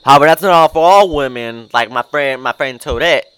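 A man's voice: mid-range voice, brisk, a bit bright, clean tone, rough recording. A man hosting a casual chat, rambling and hedging with many fillers and laughing at himself. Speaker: host.

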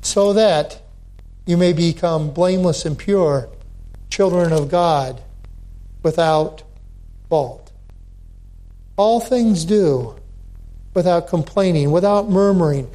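Slow, deliberate male preacher. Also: on the high side, warm tone. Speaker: pastor. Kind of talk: sermon.

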